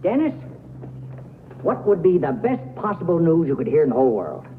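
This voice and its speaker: An excitable older neighbor who blusters and chuckles through every line. His voice sits high and leaps all over the place. It comes through a thin, hissy old television soundtrack. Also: a little fast, narrow, tinny audio. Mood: blustery. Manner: blustery, lively, chuckling often. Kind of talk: 1950s sitcom acting.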